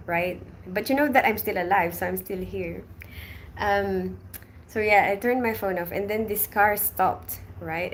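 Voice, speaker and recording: A woman chatting casually on a live stream, telling a travel story in a lively, animated way and reading viewer comments aloud. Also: medium pitch, a little hiss or hum.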